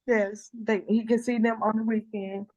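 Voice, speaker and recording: A woman's voice: on the high side, little pitch movement, normal speed, darkish tone, highs cut off. An older woman, a grandmother, crying and pleading emotionally in a custody hearing over a phone video call, rambling and repeating herself. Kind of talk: pleading closing statement in court.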